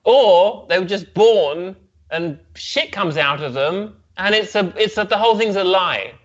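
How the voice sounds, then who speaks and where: A man's voice: high-pitched, expressive, measured pace. A male comedian chatting casually as an interview guest, rambling with restarts and laughs. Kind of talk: casual chat. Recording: slightly dull, muffled sound.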